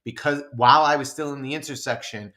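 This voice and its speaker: A man's voice: medium pitch, quick pace. A man co-hosting a podcast, telling a story in casual chat and acting out his own outbursts with laughter. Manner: animated, acts out his own shouting and laughs through stories. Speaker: podcast co-host.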